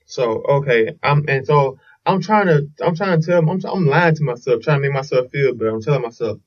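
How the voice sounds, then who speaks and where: A man's voice: medium pitch, lively intonation, a little fast, few pauses, distant mic, highs cut off. A man hosting a casual solo podcast, telling a long story in a rambling way with restarts and swearing. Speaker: podcast host.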